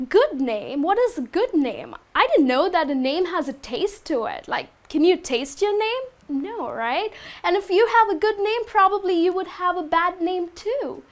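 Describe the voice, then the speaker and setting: Woman, high voice, english teacher, young adult, step-by-step explaining, frequent check-ins. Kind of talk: English lesson to camera.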